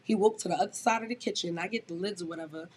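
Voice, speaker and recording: A woman's voice: lowish voice, racing, darkish tone, a little hiss or hum. A woman guest on a podcast, telling a story in a casual, blunt and profane way that often turns heated.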